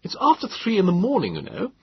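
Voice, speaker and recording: Man doing a pompous, snappish young gentleman. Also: high-pitched, wildly swooping pitch, fast, breathy edge, dry recording, pitched above the performer's own voice, heavily acted. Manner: snappish and stuffy. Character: pompous, irritable young Victorian man, woken at night. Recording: dull lo-fi, dry.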